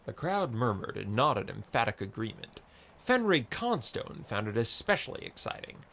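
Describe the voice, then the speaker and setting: A man narrating a story in a slow, expressive reading. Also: medium pitch, creaky, slight background noise.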